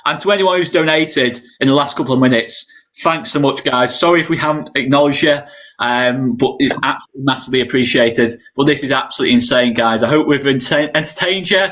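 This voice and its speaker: A man co-hosting a football watchalong, chatting casually and shouting in excitement at goals. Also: medium pitch, fast talker. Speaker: watchalong co-host.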